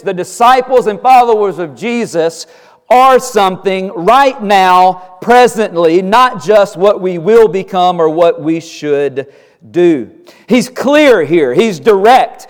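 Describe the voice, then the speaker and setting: Male preacher, high-pitched, emphatic and repetitive, reverberant hall sound. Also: lively intonation. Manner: deliberate, emphatic preaching with repeated phrases. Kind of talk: sermon.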